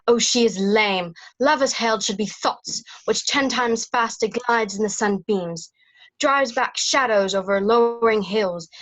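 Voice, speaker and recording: This woman plays Juliet in an amateur Shakespeare reading held online, voicing her as young, impatient and lovesick, delivering the verse eagerly and pleadingly. Heard through a video call mic, her fairly high, slightly bright voice comes in a low-quality recording.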